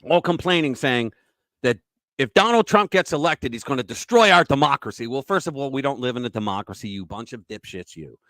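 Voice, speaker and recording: A man's voice: medium pitch, lively intonation, a little fast, a bit bright, no echo. Guy ranting on his political show, swearing a lot, voice jumping all over, dry close sound. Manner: profane, ranting, mocking impressions. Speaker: podcast host. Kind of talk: political commentary rant.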